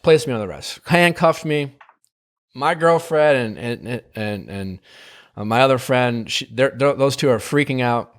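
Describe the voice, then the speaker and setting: A man with a mid-range voice speaks at a moderate pace while hosting a podcast. He casually tells a long personal story, packed with fillers and tag questions.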